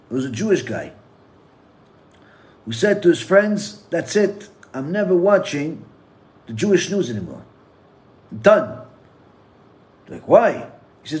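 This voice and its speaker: Animated rabbi preaching a sermon. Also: male voice, fairly high pitch. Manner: animated storytelling, acts out characters in a joke; recites Hebrew psalm quickly, then English slowly.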